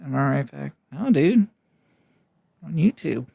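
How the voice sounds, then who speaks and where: A man's voice: on the high side, very animated, unhurried, gravelly, mellow. A man hosting a casual interview, telling loose, profane stories in a rambling way. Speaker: podcast host.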